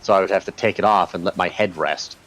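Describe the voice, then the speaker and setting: A man from Canada co-hosting a let's play on a headset mic, talking in a deadpan, literal way. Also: low-pitched, fast. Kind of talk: casual gaming chat. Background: game music.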